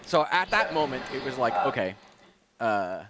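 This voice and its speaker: A man's voice: mid-range voice, big pitch swings, normal speed, background noise. A man giving a casual conference talk, rambling and chatty, with many fillers like "uh" and "like". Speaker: conference speaker.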